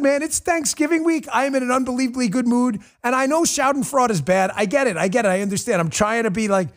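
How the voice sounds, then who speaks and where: A middle-aged man hosts a talk show with a high-set voice. He rants in a mocking, animated monologue and drops into sarcastic put-on voices. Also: vocal fry. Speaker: show host.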